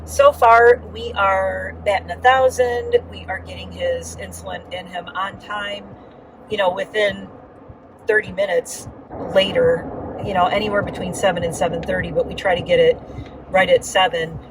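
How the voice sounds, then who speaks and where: Woman, casual vlogger, rambling and animated, mic held back, road rumble behind. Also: moderate pace, distant mic. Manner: rambling, animated, lots of fillers. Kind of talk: casual chatty vlog update.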